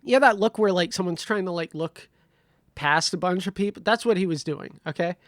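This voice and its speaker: A man's voice: sits high, normal speed, no echo, studio quality. A man telling a comedic story in a casual way, swearing freely and acting out the dialogue. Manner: animated, swears freely, acts out quoted dialogue. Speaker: podcast host.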